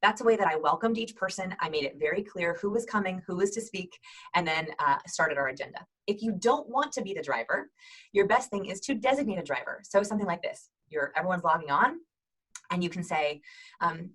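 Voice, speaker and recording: A woman's voice: lowish voice, fairly quick, husky, rough recording. A woman in her thirties hosting an upbeat instructional video, talking energetically and acting out sample greetings. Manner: energetic, demonstrates voices and greetings. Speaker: host giving video call tips.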